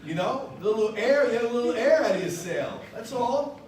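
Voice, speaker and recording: A man leading an energetic sales training for a live audience in a meeting room, acting out phone calls to show how it is done. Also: very high-pitched, fairly quick. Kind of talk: motivational training talk. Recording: echoey room from far off.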